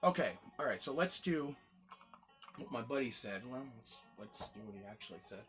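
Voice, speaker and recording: A man's voice: mid-range voice, animated, moderate pace, fairly bright tone, faint music behind. A man hosting a casual gin tasting review, chatty and rambling, exclaiming as he tastes.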